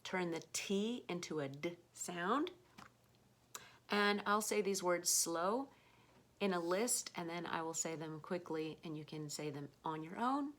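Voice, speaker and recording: An American woman giving an online pronunciation lesson, speaking slowly and patiently, repeating words for learners to copy. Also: fairly low pitch, lively intonation, fairly bright tone. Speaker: English pronunciation teacher.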